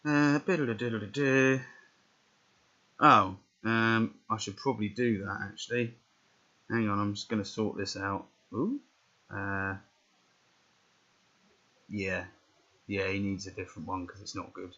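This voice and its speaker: A man's voice: fairly low pitch, level tone, a little slow, long pauses, pushed and bright. A man casually commentating a wrestling management game, reading out results with rambling muttered asides. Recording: dull lo-fi recording.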